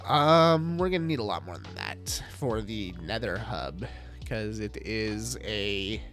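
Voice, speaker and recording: A man's voice: fairly low pitch, animated, takes it slowly, music in the background. A man streaming a game live, chatting casually and greeting viewers, with many fillers. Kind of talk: casual livestream chat.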